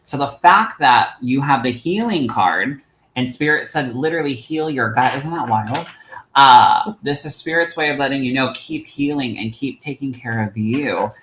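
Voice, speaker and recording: A man's voice: medium pitch, moderate pace, reverberant, low-quality recording. A man hosting a live stream as a psychic medium, reading cards for viewers and calling them "my love". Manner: animated, affectionate, calls viewers "my love". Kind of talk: livestream card readings for viewers.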